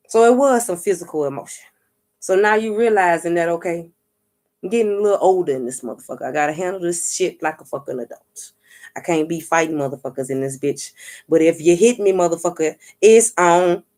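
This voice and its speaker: A woman vlogger and spiritual reader telling a story in a casual monologue, cursing freely, acting out what others said and checking in with her viewers. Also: lowish voice. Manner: profane, street-talking, keeps asking "you get what I'm saying"; animated, acts out what others said.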